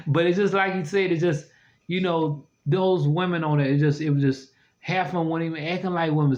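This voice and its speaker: Chatty man, dull lo-fi sound. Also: a little high. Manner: chatty, animated, rambling, laughs often. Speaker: vlogger. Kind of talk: casual storytelling to camera.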